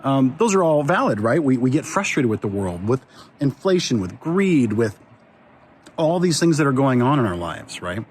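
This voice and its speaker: A man's voice: mid-range voice, big pitch swings, normal speed, a little hiss or hum. A male pastor giving a casual devotional talk from home, speaking conversationally and putting questions to the viewer. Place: at home indoors.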